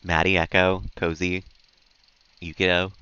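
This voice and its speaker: A man's voice: low-pitched, level tone, a little slow, pushed and bright, clean tone, dull audio. A man streaming a game, chatting casually with viewers, reading out their messages and laughing often. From United States. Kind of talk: casual chat with viewers while gaming.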